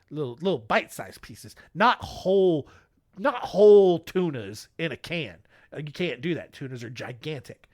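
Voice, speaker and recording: Podcast guy rambling thru a dumb story, high bright voice, slow. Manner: rambling, jokey, self-interrupting. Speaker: podcast host. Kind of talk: comic storytelling.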